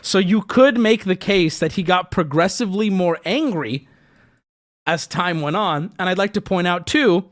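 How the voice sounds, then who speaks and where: A man in his thirties telling an exasperated, profane story to his live stream, swinging between yelling and low muttering. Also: expressive, moderate pace.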